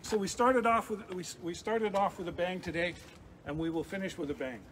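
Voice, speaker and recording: A middle-aged man, a chemistry professor, giving a lively, chatty live science demonstration for kids with frequent restarts. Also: high voice, a little fast. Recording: noisy background hiss.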